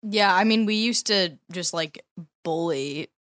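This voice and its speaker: A woman co-hosting a casual podcast, giggly and teasing as she chats along. Her voice sits a little low and sounds close and dry. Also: unhurried, fairly bright tone, dry recording. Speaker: podcast co-host. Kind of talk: casual chat.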